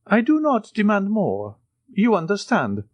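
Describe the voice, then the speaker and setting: A man voicing a timid, eager old ex-soldier in a high, quavering, fawning voice. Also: huge pitch swings, a little slow, dry recording, heavily acted.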